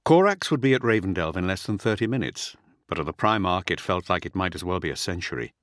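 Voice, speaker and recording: A middle-aged man reads a dramatic audiobook in a low voice that rises and falls a lot. His delivery is measured, and the recording is close and dry. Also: animated, fairly bright tone, no echo. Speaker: audiobook narrator. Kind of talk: scripted audiobook narration.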